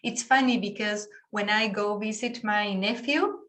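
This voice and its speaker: A woman's voice: medium pitch, unhurried, a bit bright. A woman whose first language is Spanish, teaching an online class over a video call and patiently explaining with spoken examples.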